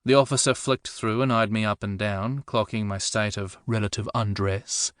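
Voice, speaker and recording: A man's voice: fairly low pitch, fairly even intonation, moderate pace, few pauses, fairly bright tone, clear, resonant tone, no echo. A man reading first-person narration for an audiobook with a dry, wry comic delivery.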